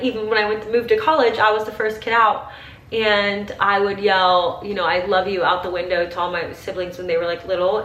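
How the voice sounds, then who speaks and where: A young woman from Ohio in her twenties chats casually with her viewers, her talk full of "like" and close to tears. Her voice sits at an ordinary middle pitch. The sound is roomy and a bit distant, with faint room noise behind her. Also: a bit bright. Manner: chatty, emotional, tearful at times, heavy use of "like". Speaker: vlogger. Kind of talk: casual get-ready-with-me chat. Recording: roomy, slightly distant home audio with faint ambience.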